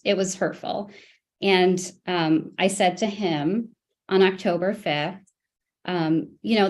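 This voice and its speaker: A woman testifying in a custody hearing at a middle pitch. She speaks haltingly, stopping and restarting her sentences and filling gaps with ums as she recounts events. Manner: hesitant, halting, full of restarts and fillers. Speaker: parent testifying in a custody case. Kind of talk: court testimony.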